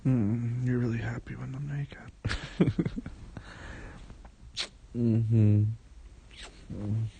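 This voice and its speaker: A young man in an intimate boyfriend role-play, talking in a relaxed, teasing, affectionate way with many soft hums, as if in bed. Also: mid-range voice, drawn-out words, vocal fry, long pauses, slight background noise. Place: bed, indoors.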